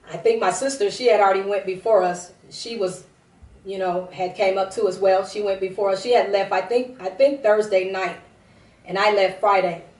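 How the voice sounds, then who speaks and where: A woman giving a tearful personal testimony, rambling with many restarts. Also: medium pitch. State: teary. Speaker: prophetess broadcasting a service. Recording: roomy, distant from the mic.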